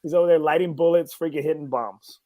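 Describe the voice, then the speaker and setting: Podcast host: Texan man, high-pitched, loud profane banter, dry recording. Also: fairly even intonation, fast, no echo. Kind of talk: casual chat.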